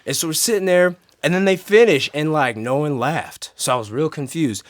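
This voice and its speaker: A man in a band tells a story during an interview. He talks in an animated way, jumping up and down in pitch and loudness, and his voice sits a little higher than most men's. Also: moderate pace. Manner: lively, big swings in pitch and volume. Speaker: band member.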